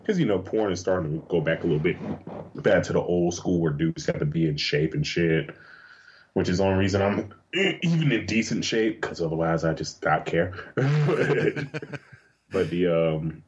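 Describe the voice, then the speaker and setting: A man being interviewed as a guest, chatting casually and telling lively, profane stories with plenty of laughter. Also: deep voice, normal speed, dull audio, a little hiss or hum. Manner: animated, profane storytelling with frequent laughs. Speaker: interview guest, adult film performer. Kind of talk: casual chat.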